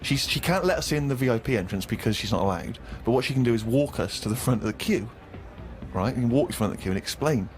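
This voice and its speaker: A man telling a story on a comedy podcast, animated and laughing often. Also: fast talker, faint music behind. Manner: animated, breaks into high laughs. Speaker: podcast co-host.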